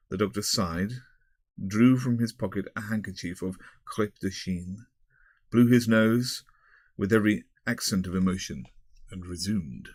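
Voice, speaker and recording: A man narrates an audiobook in a measured, even reading. His voice sits lowish, and the recording is close and dry with no room sound. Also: husky, dry recording. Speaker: audiobook reader.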